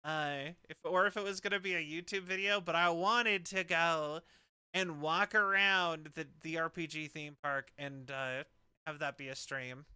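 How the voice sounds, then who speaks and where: Bright, chatty young man. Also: fairly high pitch, steady tone, unhurried, clean tone, dry recording. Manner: rambling, chatty, laughs between thoughts. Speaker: streamer. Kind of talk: casual game commentary.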